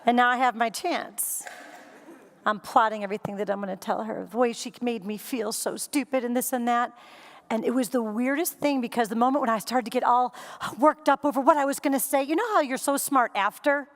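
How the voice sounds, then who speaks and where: A high-voiced woman delivers a comedic keynote from a conference stage. She tells her story with animated energy. She acts out scenes and quotes for the audience in the hall. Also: brisk. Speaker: keynote speaker.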